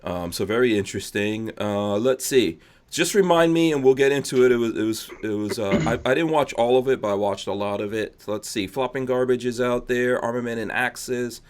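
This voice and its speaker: A man's voice: medium pitch, brisk, clear, resonant tone. A man hosting a podcast, originally from England, chatting casually and rambling with frequent laughs. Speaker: podcast host. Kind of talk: casual chat.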